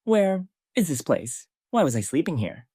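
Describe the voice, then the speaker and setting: A young male fighter who has lost his memory, asking cold, flat questions, as a man reads him. The voice moves up and down a lot. It sounds dry and close, with no room around it. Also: on the high side, normal speed, breathy edge, no room sound, pitched above the performer's own voice. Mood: puzzled.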